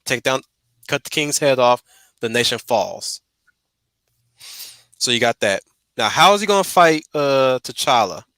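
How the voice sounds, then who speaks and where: A man talks casually as the host of a stream, tripping over his words and repeating himself as he works through his ideas. His voice is bright and forceful. The sound is dry and close, with no room echo. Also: mid-range voice, expressive, measured pace, pauses often. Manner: stumbling restarts, repeats words.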